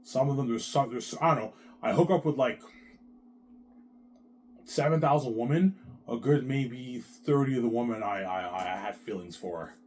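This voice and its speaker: A man in a rambling monologue, repeating himself, swearing and jumping between quiet mumbles and loud outbursts. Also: mid-range voice, moderate pace, pauses often, a little hiss or hum. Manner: repetitive, restarts, keeps saying "man"; profane, agitated swings in loudness.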